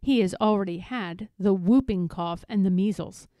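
A woman reading a children's picture book aloud in a playful, expressive, emphatic way. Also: medium pitch, normal speed, dry recording, dull audio. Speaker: read-aloud narrator.

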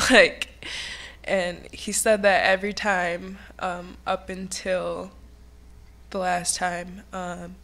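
At her grandfather's funeral in a church sanctuary, a young woman gives a tribute into a podium microphone, speaking fondly and laughing through her memories, then softening when she turns serious. Her voice is lowish and flat, slow, with vocal fry.

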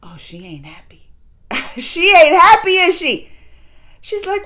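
High-voiced animated woman reviewing a show. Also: takes it slowly, pauses often. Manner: animated, breaks into laughs and acted quotes. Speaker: reaction video host. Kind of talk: casual spoken review.

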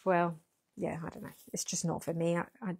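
A woman's voice: on the low side, level tone, a little fast, gravelly, darkish tone, slightly rough, no room sound. Chatty woman hosting a livestream. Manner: chatty, rambling, reads out viewer comments. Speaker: yarn shop owner hosting a packing livestream. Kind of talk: casual livestream chat. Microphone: pinned lapel mic.

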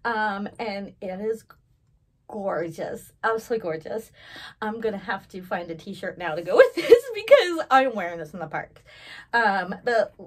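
Filming a casual unboxing vlog at home, this young woman opens a package in a gushing, emotional way, laughing through tears. She speaks at a normal speed with a medium-pitched, sing-song voice.

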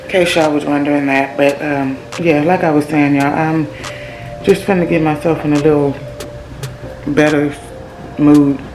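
A woman's voice: sits low, steady tone, normal speed. Woman, Southern Louisiana accent, casual emotional vlogger, handheld phone, outdoors, music bed. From Louisiana, USA. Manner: chatty, emotional, keeps calling viewers "y'all". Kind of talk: casual vlog chat to viewers. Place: outdoors at a rural family property. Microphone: handheld phone camera.

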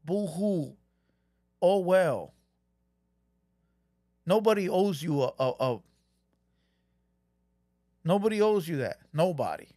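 A man's voice: high voice, sing-song, takes it slowly, pauses often, dark tone, no echo, clean studio sound. A man hosting a reaction channel, ranting heatedly and repeating himself, dropping Spanish slang. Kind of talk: reaction commentary.

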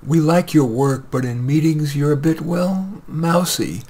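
A man's voice: a little high, unhurried, vocal fry, a little mellow. A man voicing a tactful female office boss who hesitates before each blunt word.

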